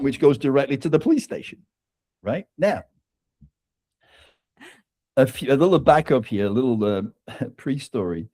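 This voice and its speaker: A man's voice: mid-range voice, mellow, dry recording. A man guest telling a personal story in casual conversation, often tagging sentences with "right?" and laughing between lines. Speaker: author guest.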